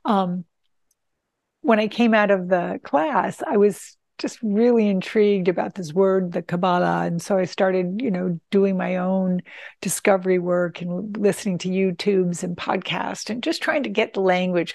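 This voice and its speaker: A woman shares an earnest, heartfelt testimonial on her own channel. Her voice has a gravelly edge. The sound is dry and close, with no room echo. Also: lowish voice, a little mellow. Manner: earnest, heartfelt, with frequent restarts. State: tearful at times. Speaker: channel host. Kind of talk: emotional personal testimonial.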